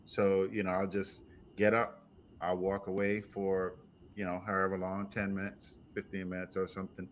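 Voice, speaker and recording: Man, podcast host, casual chat, halting, repeats words, lowish voice. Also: completely flat delivery, a little hiss or hum.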